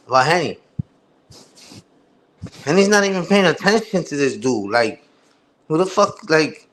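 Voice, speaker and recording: A man's voice: on the high side, big pitch swings, normal speed, long pauses, fairly bright tone. A man hosting a live stream, ranting heatedly with profane street slang. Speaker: livestream host. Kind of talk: casual livestream rant.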